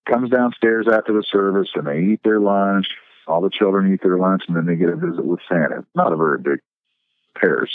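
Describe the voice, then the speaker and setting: A middle-aged man who works as a professional Santa Claus, telling stories in a relaxed, chatty way. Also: low-pitched, no room sound. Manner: relaxed storyteller, acts out voices in his tales. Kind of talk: casual podcast storytelling. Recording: thin phone-like line.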